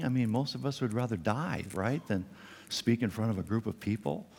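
A male pastor preaching a sermon, animated and acting out the quotes with a raised voice. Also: normal speed, slightly rough. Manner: animated, acts out quotes with raised pitch and volume. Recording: long reverb in a large hall.

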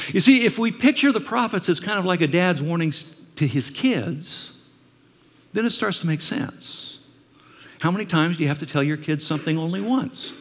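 A man's voice: on the high side, sing-song, moderate pace, vocal fry. A man preaching a sermon as a pastor, telling stories and asking his listeners rhetorical questions. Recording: long reverb of a large hall.

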